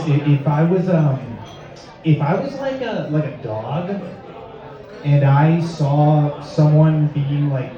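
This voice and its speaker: A young man doing a stand-up set with a rambling, hesitant delivery full of filler words and awkward, deadpan asides. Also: on the high side. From Lexington, Massachusetts. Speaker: stand-up comedian. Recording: echoey, dull sound from a distant mic.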